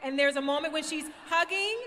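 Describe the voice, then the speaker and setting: Woman panel moderator, high bright voice, chatty, echoey convention hall. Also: fairly quick. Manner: chatty, enthusiastic, self-described nerd. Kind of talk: lively convention panel hosting.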